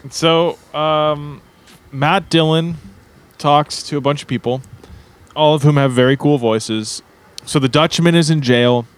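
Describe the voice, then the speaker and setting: A man's voice: fairly high pitch, fairly even intonation, measured pace, clean tone. Playful man recapping a plot. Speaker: podcast co-host. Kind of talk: casual chat.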